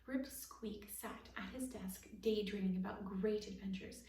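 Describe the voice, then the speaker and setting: A woman reading a children's picture book aloud at storytime, softly, and dropping into whispered asides to explain the pictures. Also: mid-range voice, measured pace. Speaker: storytime reader. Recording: roomy, distant, faint hiss.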